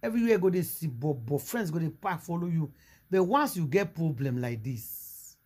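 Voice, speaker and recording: A speaker with a Nigerian Pidgin accent chatting casually to viewers, chatty and lively with sighing asides. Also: mid-range voice, moderate pace, slightly rough. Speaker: commentator.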